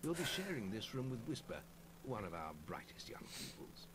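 An actor playing a gruff older male guild master who trains a young recruit in a video game, brisk and commanding. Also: mid-range voice, very animated, background noise, close to an everyday voice. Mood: instructive. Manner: brisk, commanding, calls the player lad. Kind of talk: video game cutscene dialogue. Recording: game audio with loud music.

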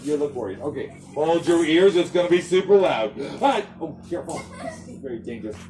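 A woman's voice: low-pitched, lively intonation, brisk, background noise. A woman performing as a clown at a children's birthday party, playful and teasing, laughing often as she jokes with the kids. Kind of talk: comic children's party act. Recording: loud crowd of children around. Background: shouting children.

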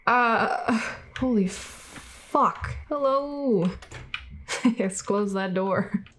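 A woman giving let's play commentary on a game, reacting out loud, swearing and laughing often, and yelping when startled. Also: medium pitch, drawn-out words, a little hiss or hum. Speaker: gaming video creator.

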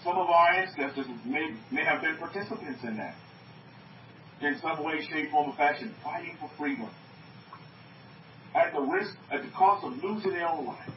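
A man's voice: a little high, normal speed, a little hiss or hum. A man preaching to an online group, emphatic, repeating his phrases and asking his listeners questions. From North America. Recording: muffled, echoey, from far off.

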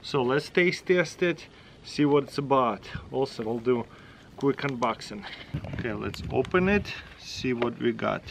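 Middle-aged Russian-accented vlog host, mid-range voice, talks in quick exclamations over a faint hum. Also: male voice, mid-range voice, animated, gravelly, low-quality recording. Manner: chatty, exclaiming, short broken phrases. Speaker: channel host. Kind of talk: casual taste-test vlog.

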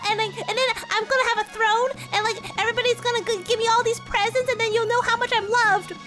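A woman's voice: extremely high pitch, fairly even intonation, fast, over loud music, pitched above the performer's own voice. A woman voicing a spoiled young princess who talks in a whiny valley-girl way. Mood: bratty. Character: bratty spoiled young princess, wannabe influencer.

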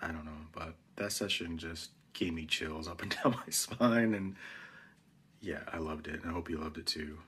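In a laid-back vlog featuring a spirit box session, a man who makes and sells spirit boxes and investigates the paranormal speaks in a deep voice at a normal pace. He rambles and hesitates, restarting often and laughing excitedly. Loud background music and a slight hiss or hum are audible.

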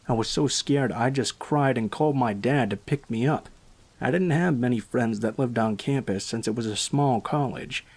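A man reads a first-person horror tale in an even, scripted storytelling voice. His pitch sits in the ordinary middle range for a man. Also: breathy edge.

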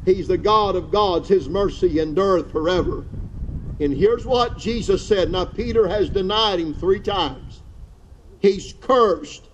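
High-voiced, slow-preaching male pastor. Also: muffled recording, a little hiss or hum. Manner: fervent preaching with repeated phrases and stumbling restarts. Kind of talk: outdoor sermon. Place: outdoor church service.

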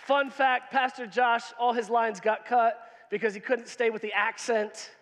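A man's voice: extremely high pitch, steady tone, unhurried, fairly bright tone, a faint crowd. A man preaching a sermon to his congregation in a casual, joking way, quizzing them and reading scripture. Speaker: pastor. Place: church hall. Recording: long reverb in a church hall.

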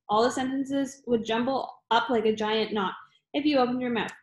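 A woman's voice: on the high side, steady tone, moderate pace. Woman reading a novel, echoey room. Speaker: reader. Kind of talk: amateur audiobook reading.

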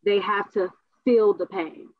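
A woman co-hosting a casual talk show, telling stories with animated asides and voice impressions. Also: medium pitch, unhurried, no room sound. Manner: animated storyteller, mimics voices. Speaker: co-host. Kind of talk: casual chat. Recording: tinny phone-like sound.

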